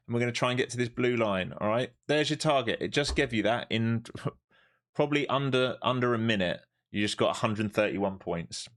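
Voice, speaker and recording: A man doing live trading stream commentary, animated and swearing freely as he talks through the chart. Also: medium pitch. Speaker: live-stream day trader.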